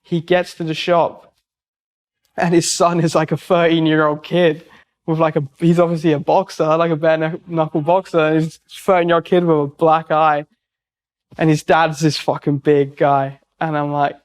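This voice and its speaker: A man's voice: a little high, flat delivery, normal speed. A man, a tattoo artist and singer, telling stories in a casual, rambling way full of "like" and restarts. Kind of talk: casual anecdote storytelling.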